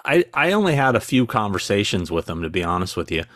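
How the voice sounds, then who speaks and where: A man's voice: fairly low pitch, big pitch swings, fast, fairly bright tone, dry recording. A man with a dry, sarcastic sense of humor, telling stories as a guest in a casual podcast interview.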